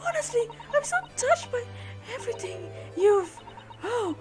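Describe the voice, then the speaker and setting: A woman voicing an excitable young woman from a game, squealing and gushing. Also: unhurried, soft background music, full character voice. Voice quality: squealing high voice.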